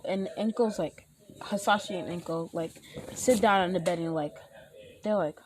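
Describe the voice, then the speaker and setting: Slow rambling young woman telling a fan story. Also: mid-range voice, darkish tone, slight background noise. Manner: rambling, many fillers and restarts, acts out lines. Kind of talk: casual spoken fan fiction retelling.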